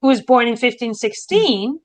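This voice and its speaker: A woman's voice: on the high side, expressive, normal speed, no echo, rough recording. A woman from Spain, a historian co-hosting a casual podcast chat in a dramatic, theatrical way. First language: Spanish. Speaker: historian co-host.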